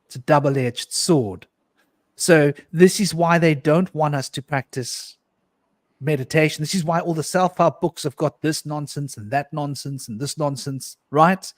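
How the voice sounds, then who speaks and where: Male panelist, earnest storyteller, stumbles and repeats himself, voice sits a bit high. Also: unhurried, dry recording. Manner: earnest, intense storytelling with frequent restarts and repetitions. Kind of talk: recounting a personal mystical experience in a panel discussion.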